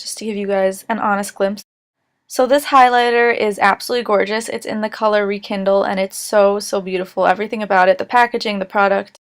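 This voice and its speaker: A young woman chatting casually to camera in a beauty vlog, candid and a little tired, with plenty of fillers. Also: mid-range voice. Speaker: beauty vlogger.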